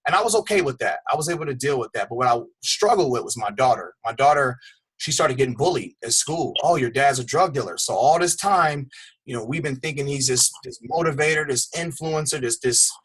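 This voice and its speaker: Middle-aged male trainer, husky, candid conversational storyteller, mid pitch. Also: lively intonation, brisk, fairly bright tone. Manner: candid, conversational, repeats words and uses "man". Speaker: fitness trainer telling his story. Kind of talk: personal storytelling on a call.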